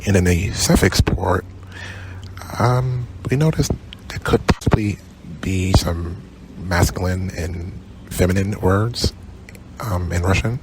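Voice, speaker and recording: A man with a very low, gravelly voice talks through a class project slide by slide. He pauses often with ums and stumbles over foreign words. A clear background hiss sits under the recording. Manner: halting, filler-heavy, unsure with foreign words. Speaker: student presenter.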